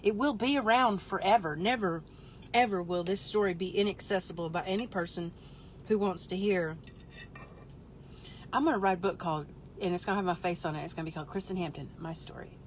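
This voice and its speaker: A woman hosting a live stream, telling a comic story in an animated, exaggerated way with voiced asides. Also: on the low side, fairly quick, slight background noise. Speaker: livestream host.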